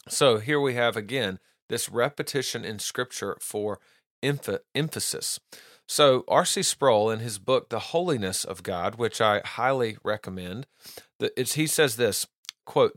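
A man's voice: medium pitch, animated, a little slow, a bit bright, no echo, clean studio sound. A man hosting a podcast, teaching doctrine in an earnest, casual monologue, often restarting and repeating words and reading quotes aloud.

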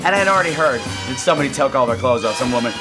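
A man's voice: mid-range voice, very fast, loud music behind the voice. A man hosting a podcast, telling a comic story and swooping in and out of voices. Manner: animated, swoops into voices and gasps. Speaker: podcast host.

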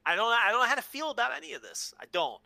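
A man's voice: extremely high pitch, wildly swooping pitch, very fast, vocal fry, bright, forceful tone, dry recording. A man co-hosting a casual podcast, telling stories frankly, swearing freely and restarting with repeated words. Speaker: podcast co-host. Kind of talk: casual wrestling podcast chat.

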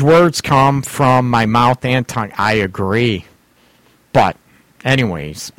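A man's voice: medium pitch, no echo. A middle-aged man hosting a casual talk show about relationships, rambling and laughing often. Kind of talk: casual radio-style chat about relationships.

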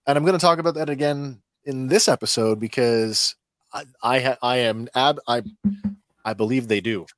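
Man, casual podcast co-host, mid-pitched voice, dry close mic, chatty with restarts. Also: moderate pace, no room sound. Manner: chatty, restarts sentences, jokes and reacts. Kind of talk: casual chat.

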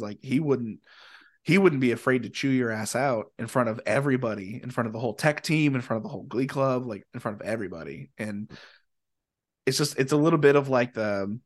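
A young man from Indiana, a podcast guest and musician, telling stories in a rambling, animated way and swearing freely. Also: mid-range voice. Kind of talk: casual storytelling.

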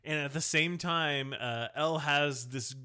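A man talking as a podcast co-host, with a bright, edgy tone. His remarks are dry and wry, and he states opinions bluntly, swearing freely. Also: on the high side, measured pace, clean tone. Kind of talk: casual chat.

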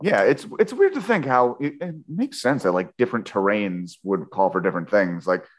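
A man's voice: on the low side, big pitch swings, normal speed. A man hosting a podcast, chatting casually about a book with a guest in a rambling, jokey way. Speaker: podcast host. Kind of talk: casual book-club chat.

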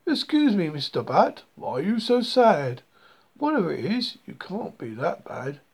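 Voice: mid-range voice, very animated, measured pace, darkish tone, slightly rough, heavily acted. A reader voicing a caring mother mole in a rhyming children's story, motherly and coaxing. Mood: kind.

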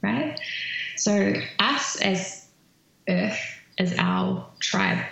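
A woman's voice: medium pitch, expressive, drawn-out words, vocal fry, a bit bright, heavy reverb, low-quality recording. A woman speaking as an interview guest, earnest and thoughtful, with many fillers. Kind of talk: reflective conversational interview.

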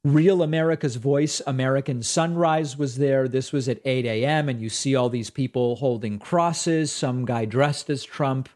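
A male host delivers political commentary in a relaxed, conversational way, often sliding into sarcastic remarks. His voice sits at an ordinary middle pitch, and his delivery is loose and full of asides as he reacts to the news. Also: moderate pace, hardly any pauses. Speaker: political talk show host.

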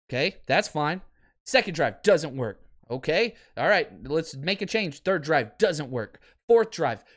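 A man hosting a sports show, delivering an animated, ranting commentary with repeated phrases and casual swearing. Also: on the high side. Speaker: sports podcast host.

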